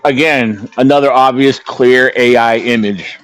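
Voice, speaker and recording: A man co-hosts a podcast, chatting casually and rambling with plenty of fillers and restarts. His mid-range voice is a bit bright, and he takes his time.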